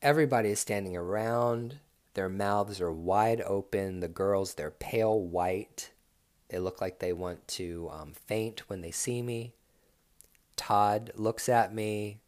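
A man's voice: lowish voice, slow pace. A man, a dancer, telling a story from his own life in a blunt, profane way. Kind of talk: casual storytelling.

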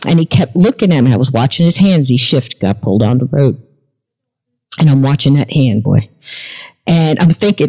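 A woman's voice: low voice, expressive, moderate pace, warm tone. A woman guest on a podcast, telling a story in a casual interview and acting out the dialogue as she goes. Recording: dull lo-fi recording.

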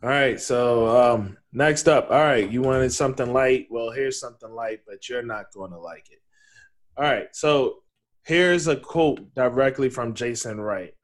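Slow, needling male podcast host. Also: mid-range voice. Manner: needling, deliberate, reads quotes aloud. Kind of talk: casual sports banter.

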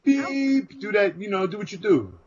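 A man co-hosting a casual podcast chat, giving playful shout-outs and quick apologies. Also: high voice, sing-song, dull audio, slight background noise. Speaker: podcast co-host.

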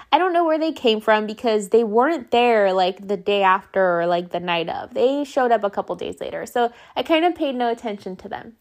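A woman in her thirties hosting a podcast, telling a story in a chatty, animated way full of fillers. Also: on the high side. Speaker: podcast host.

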